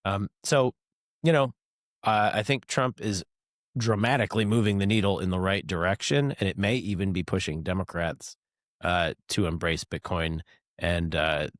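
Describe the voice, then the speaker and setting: A man hosting a podcast, chatting in a relaxed way with chuckles and frequent fillers. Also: low-pitched, normal speed, no room sound, studio quality. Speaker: podcast host. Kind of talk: casual podcast discussion.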